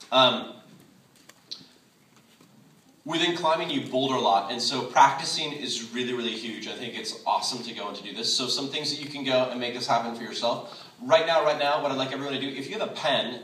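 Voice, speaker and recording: A man's voice: medium pitch, pushed and bright, a little hiss or hum. A man leading a public speaking workshop, explaining point by point and shifting his volume and pace to show his ideas. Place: large hall. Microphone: phone in the audience, speaker on a microphone. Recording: roomy hall recorded from far off with phone.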